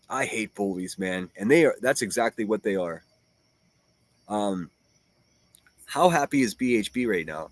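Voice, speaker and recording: A man's voice: fairly low pitch, lively intonation, a little slow, pauses often, dry recording. A man hosting a livestream, reading chat and ranting in a profane, mocking and combative way. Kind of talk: casual livestream rant.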